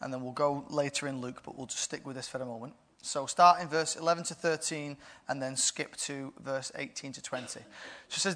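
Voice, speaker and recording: A man preaching a sermon in a playful way, often laughing and building to loud bursts. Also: medium pitch, fairly even intonation, a little fast.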